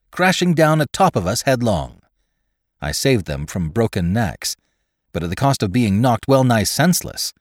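A man reading a classic adventure story aloud as scripted narration, in a measured, expressive way. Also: mid-range voice, no room sound, clean studio sound. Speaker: audiobook reader.

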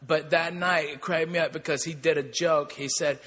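A man co-hosting a comedy podcast, telling loud, profane anecdotes in a casual way. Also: on the high side, steady tone, normal speed, hardly any pauses, slightly rough. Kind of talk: casual storytelling. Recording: long reverb.

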